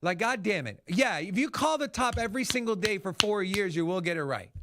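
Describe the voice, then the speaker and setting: A man hosting a crypto livestream, talking casually and excitably, swearing freely. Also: sits high, a little fast, noisy background. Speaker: crypto show host. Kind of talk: livestream market commentary.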